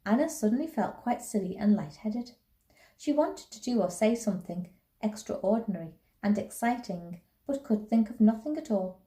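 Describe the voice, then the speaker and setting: A woman, a primary school teacher, reading a children's novel aloud in a gentle, unhurried way. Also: medium pitch, animated. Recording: roomy echo.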